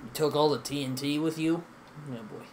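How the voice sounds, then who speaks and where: A man's voice: on the high side, brisk, a little mellow, slight background noise. Rambling young man chatting over a game. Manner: rambling, hesitant, many fillers and restarts. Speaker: gaming channel host. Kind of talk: casual gaming chat with friends.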